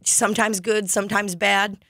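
A woman's voice: medium pitch, flat delivery, normal speed, fairly bright tone, dry recording, clean studio sound. A young woman hosting a podcast, chatting casually in a rambling, profane and jokey way. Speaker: podcast host. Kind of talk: casual chat.

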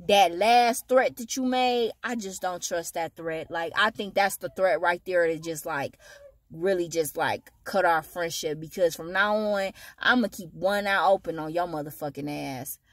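A woman's voice: unhurried, dry recording. Profane woman ranting, close dry sound. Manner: heated, profane, blunt slang; rising to loud, high-pitched outbursts. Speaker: vlogger. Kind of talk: ranting monologue to camera.

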